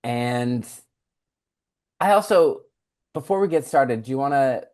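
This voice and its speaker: A man hosting a podcast in casual chat, jokey and quick with asides, laughing often. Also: mid-range voice, animated, darkish tone. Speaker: podcast host.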